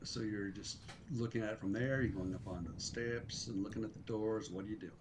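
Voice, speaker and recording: A man running a tabletop game as game master, narrating scenes in a measured way with fillers. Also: on the low side, noisy background. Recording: music playing clearly behind.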